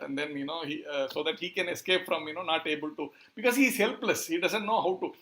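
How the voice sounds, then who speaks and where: A man's voice: a little high, fast talker, few pauses, a bit bright. A man, retelling a scripture story in a talk, hesitant and searching for words. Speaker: preacher.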